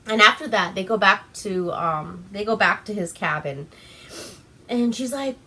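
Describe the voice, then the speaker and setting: A woman's voice: medium pitch, unhurried, bright, forceful tone, slight background noise. A young woman from Alaska casually recapping a movie, tipsy on wine, giggling often and swearing freely. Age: young adult. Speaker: vlogger.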